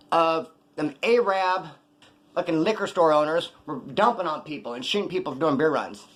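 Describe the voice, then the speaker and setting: A man telling a story in a casual monologue, streetwise and profane, animated as he talks. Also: a little high.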